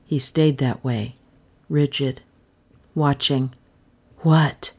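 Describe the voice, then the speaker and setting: A woman narrating a crime novel as an audiobook, in a steady, measured, dramatic reading. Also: low-pitched.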